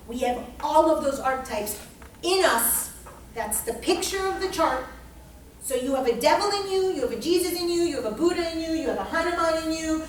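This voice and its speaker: A woman teaching astrology to a small class in an emphatic, profane way, dropping to a hush and then rising to a shout. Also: high voice. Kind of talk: informal lecture to a small class. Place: indoor room with a group. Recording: very echoey room, mic far off, faint hiss.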